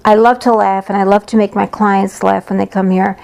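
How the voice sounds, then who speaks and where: This psychic medium, a woman, delivers a casual storytelling monologue about her work, lighthearted and blunt, performing the voices of the people she quotes. Her mid-range voice is gravelly and darkish, with a level tone and a slightly fast pace.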